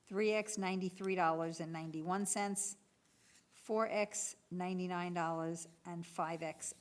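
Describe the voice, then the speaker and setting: A woman in the role of municipal clerk announces item codes and bid prices at a public bid opening. Her lowish voice stays steady and businesslike throughout.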